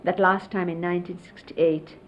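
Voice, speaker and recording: Fairly low in pitch with little pitch movement, a middle-aged disciple reminisces at a moderate pace about a spiritual teacher. She explains hand gestures in a casual, filler-heavy way, heard through dull 1970s videotape audio with faint hiss.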